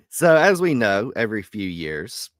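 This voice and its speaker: A man co-hosting a casual podcast chat, laughing easily as he tells his stories in a lively way. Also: mid-range voice, slow, no room sound, clean studio sound. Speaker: podcast co-host.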